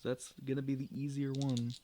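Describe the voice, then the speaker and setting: A man's voice: mid-range voice, flat delivery, normal speed, dark tone. A man playing a solo tabletop game, reading the adventure aloud and often stopping to correct his own slips. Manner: self-correcting, stumbles and rereads words.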